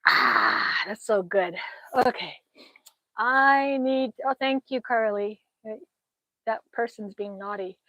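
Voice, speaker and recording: A talkative middle-aged woman hosting a casual phone livestream outside, her voice sitting a little high. She reads comments from viewers, thanks them warmly by name, and laughs often. The sound is close and dry with no room echo. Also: takes it slowly, pauses often. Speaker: livestream host. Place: outdoors.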